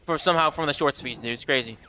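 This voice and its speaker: A man's voice: medium pitch, fast talker, sharp tone, slight background noise. A young man streaming a game live, chatting casually with viewers, swearing often and reading out chat. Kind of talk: casual livestream chat while gaming.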